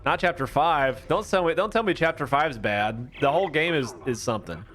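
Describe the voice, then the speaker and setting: A man's voice: a little high, animated, fairly quick, fairly bright tone, soft background music. A young man streaming a horror game, chatting casually and rambling with viewers. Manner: rambling, chatty, self-mocking. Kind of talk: casual gameplay commentary.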